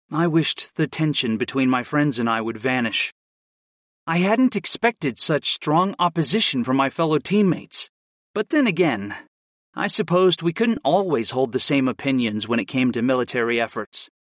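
A man narrating a first-person fantasy audiobook with an expressive, varied delivery. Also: a little high, dry recording, studio quality.

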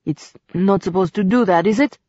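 A woman's voice: medium pitch, normal speed, warm tone, no room sound, lightly acted. A woman doing a sly, lecherous warrior man. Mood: sardonic flirting. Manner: dry, sarcastic and flirtatious. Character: teasing lecherous grown man, a former warrior general. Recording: dull dry recording.

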